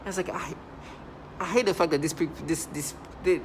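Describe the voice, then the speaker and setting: A man talking in a rambling vlog monologue, halting and restarting, with sudden loud agitated outbursts. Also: high voice, a little hiss or hum, poor audio. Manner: halting, many restarts and fillers. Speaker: vlogger.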